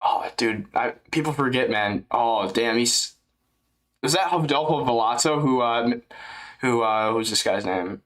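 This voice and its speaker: A man's voice: medium pitch, measured pace, fairly bright tone. A young man with a worn-out voice, chatting loosely on a livestream with slang and laughs. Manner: rambling, laughing, slangy, slips into impressions. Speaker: streamer. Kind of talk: casual fight-companion livestream chat.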